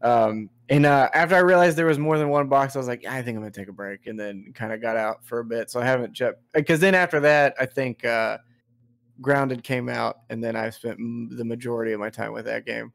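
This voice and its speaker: A young man co-hosting a podcast, chatting casually and retelling game scenes in an animated way. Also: mid-range voice, brisk, gravelly. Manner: animated storyteller, acts out scenes in goofy voices. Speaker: podcast co-host. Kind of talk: casual chat.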